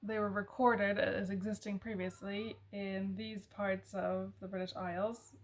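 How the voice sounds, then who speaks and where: Slow, musing woman recommending a book. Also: mid-range voice, flat delivery. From American South family. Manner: thoughtful, musing, with fillers and self-corrections. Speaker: book reviewer. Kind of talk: casual book recommendation talk.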